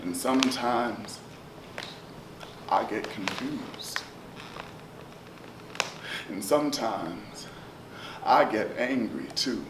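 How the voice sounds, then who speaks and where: A man's voice: lowish voice, drawn-out words, pauses often. Man performing rhythmic spoken word poetry. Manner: rhythmic, chanting delivery swinging from loud calls to near whispers. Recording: roomy echo, distant mic, steady ambient noise.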